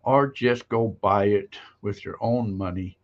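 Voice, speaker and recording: A man's voice: lowish voice, unhurried, lo-fi sound. Rambling, joking live-stream host, man. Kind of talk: casual live-stream chat.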